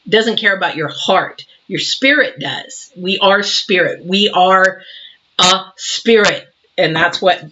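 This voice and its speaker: Woman, 60s, tarot reader, preachy and animated, slightly muffled home recording. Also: fairly low pitch. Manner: emphatic, preachy, acts out little scenes. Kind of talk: casual tarot reading monologue.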